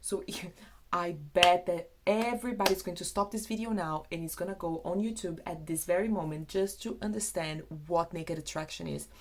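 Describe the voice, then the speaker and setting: A woman's voice: lowish voice, normal speed, a little hiss or hum. Chatty Brazilian woman teaching English. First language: Portuguese. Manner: chatty, animated, switches into Portuguese asides. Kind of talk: casual video lesson.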